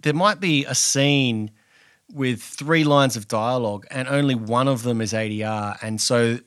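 A man's voice: mid-range voice, measured pace, a bit bright, clear, resonant tone, no echo, studio quality. A man chatting on a podcast, rambling with many restarts. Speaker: podcast co-host. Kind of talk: casual podcast chat.

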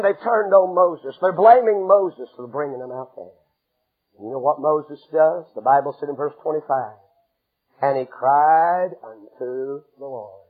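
A man preaching a sermon with fervent, dramatic storytelling that acts out the scenes and breaks into shouts. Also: fairly high pitch, breathy edge, phone-quality sound.

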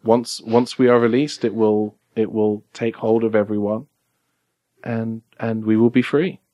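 A man's voice: lowish voice, little pitch movement, unhurried, mellow, close to an everyday voice. A man voicing an ominous trapped entity. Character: ominous imprisoned entity craving release.

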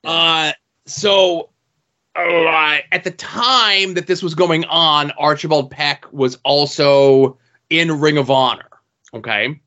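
A man with a bright, forceful voice and a slightly high pitch tells a behind-the-scenes story in loose podcast chat. He teases his co-host and swears now and then. The sound is muffled and lo-fi. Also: slow pace. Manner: storytelling, swearing, playful teasing. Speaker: podcast co-host, show insider. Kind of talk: casual chat.

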